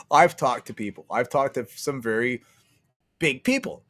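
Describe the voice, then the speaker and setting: A man's voice: mid-range voice, big pitch swings, a little slow, fairly bright tone. A man ranting on a livestream, profane and sarcastic, laughing often and answering his chat. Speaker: streamer.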